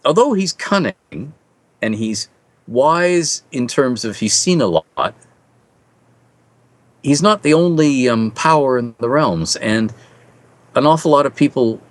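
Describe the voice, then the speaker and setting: A middle-aged man, a fantasy author, giving long animated answers as an interview guest and telling stories with a chuckle. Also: mid-range voice. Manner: animated storyteller, lively and chuckling.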